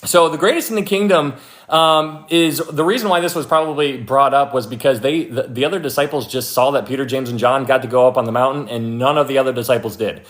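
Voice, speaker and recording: A young man leading a casual livestream Bible study, chatty and animated, thanking viewers by name and acting out quoted people. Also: medium pitch, brisk. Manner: frequent fillers and restarts, thanks viewers by name.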